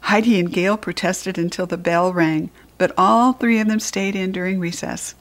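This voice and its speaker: A woman reads a children's story aloud with an expressive, lively delivery. Her voice sits slightly low for a woman. She reads it as storytelling. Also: normal speed. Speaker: narrator reading a children's book.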